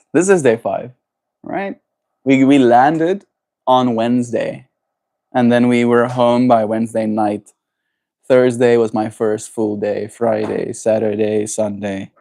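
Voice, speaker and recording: A man from South Africa with an Afrikaans accent, whose first language is Afrikaans, chats his way through a casual livestream. He reads out viewers' messages and answers them playfully, joking and laughing as he goes. His voice sits in an ordinary middle pitch. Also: warm tone. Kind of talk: casual livestream chat, reading chat messages aloud. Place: at home.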